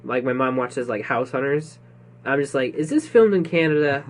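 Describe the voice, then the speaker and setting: Brief: young male co-host, easygoing talker, average pitch. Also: expressive. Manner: chatty, quick to laugh. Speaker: podcast co-host. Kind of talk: casual chat.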